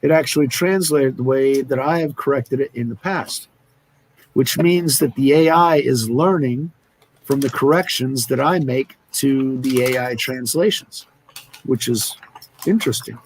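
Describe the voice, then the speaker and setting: A man's voice: mid-range voice, unhurried, slightly rough. A man co-hosting a loose, joking live-stream chat, who likes to slip into put-on accents. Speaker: co-host. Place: lives by a beach in Brazil.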